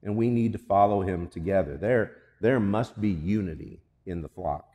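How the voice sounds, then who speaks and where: A man's voice: low-pitched, normal speed, warm tone, big-room sound. A male pastor preaching a sermon, telling a story and then pressing emphatic, repeated questions on the congregation.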